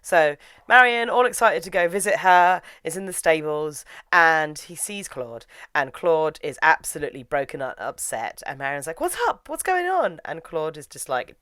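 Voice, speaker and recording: Low-voiced woman, chatty and loose plot recap, dry close mic. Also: normal speed, few pauses, fairly bright tone, smooth, no echo. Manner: chatty, full of "like" and "you know". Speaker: reviewer.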